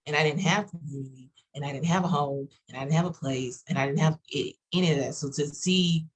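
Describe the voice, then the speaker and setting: A woman with a Texas accent chatting on a roundtable video call, talking fast and rambling with many fillers. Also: sits low, husky, poor audio. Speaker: roundtable panelist. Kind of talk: casual chat.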